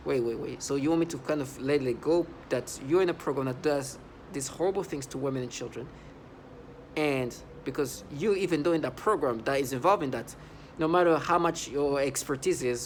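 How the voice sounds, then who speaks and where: Heated man vlogging, fairly high pitched, rambles and restarts a lot. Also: a little hiss or hum. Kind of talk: agitated monologue to camera.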